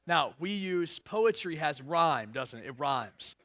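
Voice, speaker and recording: A male pastor preaching a sermon, lively and joking, reading scripture aloud with rising emphasis. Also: a little high, slow, dry recording.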